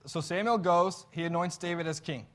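Man, sermon, earnest storytelling, slightly high voice. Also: moderate pace. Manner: earnest, conversational storytelling with restarts. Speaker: preacher.

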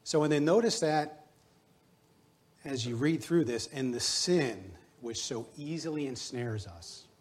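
A man's voice: medium pitch, expressive, unhurried. A middle-aged man preaching a sermon as pastor, earnest and exhorting, weaving in personal stories.

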